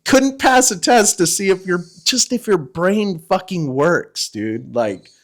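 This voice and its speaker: A man's voice: high-pitched, animated, slow. A middle-aged man, a former Marine guest on a podcast, telling a war story in casual, profane chat and acting out what people said. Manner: profane, laughing storyteller who acts out quotes.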